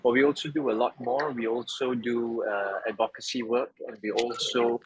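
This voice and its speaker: A man from Malaysia gives a casual presentation on a video call, joking easily and filling pauses with ums. His voice sits at an ordinary middle pitch. A faint hiss of noise sits under the call. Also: rough recording. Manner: relaxed, joking, conversational with frequent fillers. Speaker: webinar speaker, travel association president. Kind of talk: presentation to an online audience.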